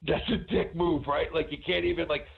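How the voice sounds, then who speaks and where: A man co-hosting a sports podcast, telling stories in casual, animated chat and swearing now and then. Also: fairly high pitch, fairly quick, creaky. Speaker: podcast co-host. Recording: phone-like narrow sound.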